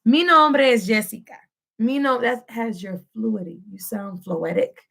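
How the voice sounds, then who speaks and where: A woman teaching a Spanish lesson from home, drilling phrases slowly for the listener to repeat and mixing English and Spanish mid-sentence. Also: a little high, gravelly, fairly bright tone. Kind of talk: home-recorded language lesson.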